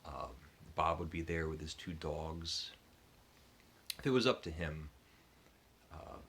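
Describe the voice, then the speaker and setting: A man's voice: extremely low pitch, a bit bright, a little hiss or hum. A man telling a casual story as a book vlogger, hesitant, often stammering and restarting words. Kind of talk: casual reminiscence.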